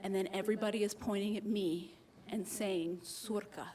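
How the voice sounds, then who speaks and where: At a live story slam, an American woman in her early adulthood recounts something that happened to her, animated and self-deprecating, imitating the people she encountered. Her voice sits in the mid-range and moves at a normal speed.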